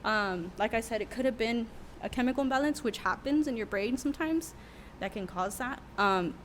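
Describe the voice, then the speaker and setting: A woman's voice: on the high side, lively intonation, moderate pace, slight background noise. A young adult woman, a worship leader who is a podcast guest, telling a candid, emotional story with many fillers in a casual interview.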